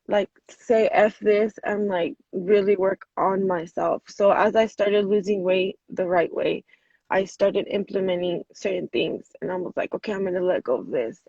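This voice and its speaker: A woman's voice: medium pitch, dry recording. Chatty woman telling her story on a video call. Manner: animated, many "like" fillers, acts out quotes. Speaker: guest. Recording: dull lo-fi video call audio.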